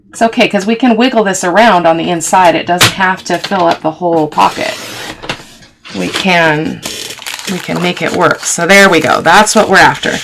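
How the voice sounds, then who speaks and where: A woman with a low, gravelly voice talks her viewers through a craft project at her table, chatty and quick to poke fun at herself. Paper crinkles and clicks sit under her voice, with steady background noise in the recording. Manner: chatty, talks to viewers while working, self-teasing. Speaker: craft channel host. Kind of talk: casual crafting tutorial.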